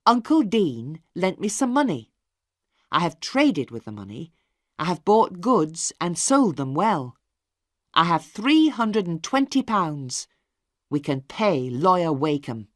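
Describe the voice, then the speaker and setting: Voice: medium pitch, big pitch swings, slow pace, no room sound, clean studio sound. A narrator voicing an earnest young man speaking plainly to his father, for an audio storybook. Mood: eager.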